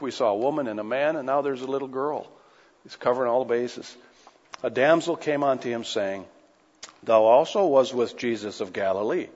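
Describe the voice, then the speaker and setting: Earnest preaching man in a reverberant hall. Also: medium pitch. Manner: earnest, preaching with rising and falling intensity. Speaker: pastor. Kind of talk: sermon. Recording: dull audio with long hall reverb.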